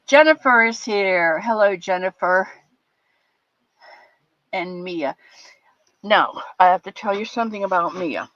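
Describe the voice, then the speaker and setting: A woman's voice: mid-range voice, expressive, a little slow, long pauses, fairly bright tone, no room sound. Older woman host, affectionate rambling chat, dry lo-fi stream audio. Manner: chatty, affectionate, rambling with restarts. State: a bit teary. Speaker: livestream host. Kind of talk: casual chat with live chat viewers. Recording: dull lo-fi dry sound.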